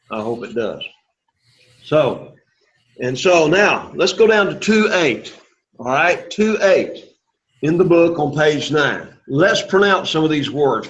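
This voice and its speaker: A man teaching Greek to a class, coaxing students and repeating words slowly for pronunciation. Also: on the high side, lo-fi sound. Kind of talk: classroom lesson.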